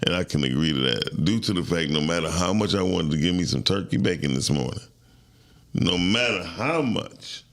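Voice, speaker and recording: A man's voice: low voice, animated, normal speed, fairly bright tone. A man co-hosting a casual morning show, playful and teasing in tone. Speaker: co-host.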